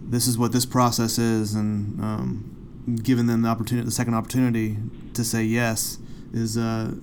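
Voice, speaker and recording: A man's voice: medium pitch, level tone, normal speed, darkish tone, slight background noise. A man hosting an interview, moved by his guest's words and repeating words as he starts his questions. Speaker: host.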